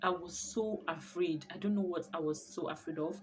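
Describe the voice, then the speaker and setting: A young woman telling her birth story in a casual vlog, expressive and often laughing as she talks. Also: fairly low pitch, moderate pace, slight background noise.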